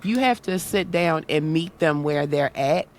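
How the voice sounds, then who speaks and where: Woman, gravelly vocal fry, mid pitch, earnest storytelling, casual interview talk, faint background hiss. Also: animated, a little slow. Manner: earnest storytelling, acting out quoted voices. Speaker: guest, content creator and autism awareness activist.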